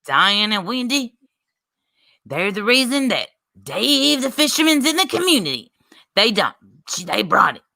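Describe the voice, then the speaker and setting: A woman's voice: mid-range voice, sing-song, a little slow, gravelly, bright, forceful tone, full character voice. A woman voicing a snippy woman commenter in a mock New York drawl with a scolding attitude. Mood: gossipy.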